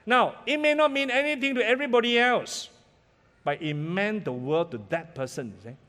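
A middle-aged man preaching a sermon as pastor, animated and peppering his talk with "all right?" and "ah". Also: sits high, moderate pace. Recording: long hall reverb.

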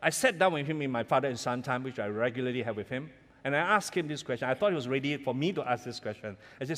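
A man's voice: mid-range voice, animated, fast talker, fairly bright tone. A middle-aged man, preaching a sermon as pastor, telling stories earnestly and building to emphatic peaks. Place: church sanctuary. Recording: reverberant church hall.

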